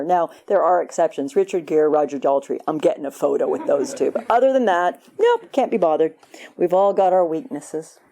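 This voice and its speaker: Woman teaching a dharma talk, low warm voice, casual and playful. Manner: conversational, playful, acts out quoted voices. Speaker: meditation teacher. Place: retreat hall.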